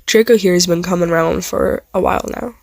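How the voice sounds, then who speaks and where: A woman reading a huge, kindly male groundskeeper, gentle and encouraging, with a loose attempt at a rustic accent. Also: lowish voice, fairly quick, creaky, no echo.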